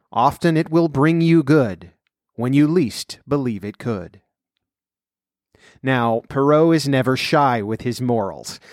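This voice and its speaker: A man reading a fairy tale aloud and commenting on its folklore roots in a measured, clear voice. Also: mid-range voice, no echo, studio quality. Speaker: storyteller.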